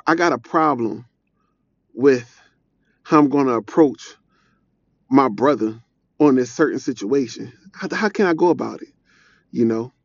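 A man's voice: medium pitch, gravelly, dry recording, lo-fi sound. Earnest man preaching in a casual way. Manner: earnest, repetitive, conversational. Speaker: devotional speaker. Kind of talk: informal preaching.

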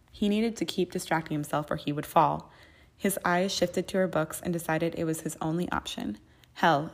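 A woman narrating a fan fiction audiobook in a steady, even reading. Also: on the low side.

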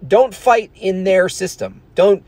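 A man's voice: sits high, animated, slow pace, a little mellow, no echo. Profane, rambling man ranting to camera. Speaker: vlogger. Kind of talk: casual ranting monologue.

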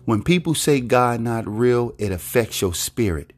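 A man giving a casual devotional talk to his listeners, with a relaxed, repetitive preaching manner. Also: medium pitch, a little slow. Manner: casual preaching, talks to listeners as y'all, repeats words.

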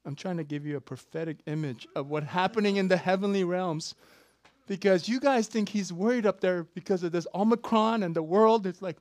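A preacher giving an animated, playful sermon with sudden shouts and laughter, recorded close and dry. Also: mid-range voice, fairly quick, no room sound.

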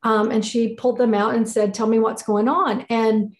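A woman's voice: on the high side, flat delivery, moderate pace. A woman co-hosting a casual chat, telling a story with feeling and often restarting her phrases. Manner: emotional, repeats and restarts phrases. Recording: roomy echo.

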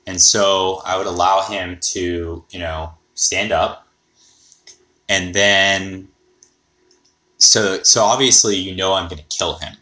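A man's voice: deep voice, fairly even intonation, slow, pushed and bright. A man hosting a podcast, rambling and thinking aloud in a casual monologue. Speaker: podcast host.

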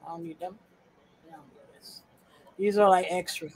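A woman's voice: on the low side, fairly even intonation, normal speed, a little mellow, breathy edge, rough recording. A woman co-hosting a podcast in casual chat, blunt and profane, muttering to herself as she sorts files. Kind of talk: casual chat while sorting files on screen.

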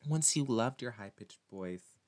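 A man vlogging to his viewers in a casual monologue, animated and teasing, rambling with many restarts. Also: medium pitch, measured pace.

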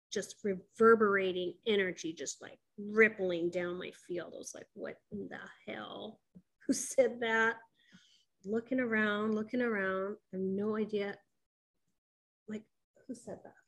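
Middle-aged woman telling her own story, candid, emphatic, lots of "you know" and "like", mid-pitched voice. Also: husky, low-quality recording. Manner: candid and emphatic, with frequent fillers and quoted dialogue. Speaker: personal storyteller. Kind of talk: personal spiritual storytelling.

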